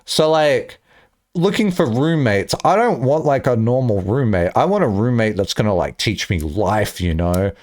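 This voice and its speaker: A young man chatting casually on a live stream, rambling and joking with bursts of excitement. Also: mid-range voice, moderate pace.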